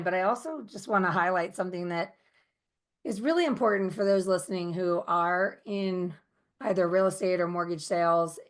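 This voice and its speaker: A woman's voice: on the low side, a bit bright. A woman hosting a podcast interview, engaged and guiding the conversation with long questions. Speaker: podcast host. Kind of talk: casual interview.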